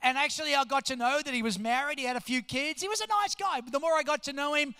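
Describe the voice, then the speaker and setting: A pastor in his fifties, telling a story from the pulpit and acting out every voice in it. His voice sits very high and rings bright and forceful. The sound carries a long reverb from a large church hall. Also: fast, vocal fry. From New Jersey, US. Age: 50s. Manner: animated storyteller, acts out quotes. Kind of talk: storytelling sermon.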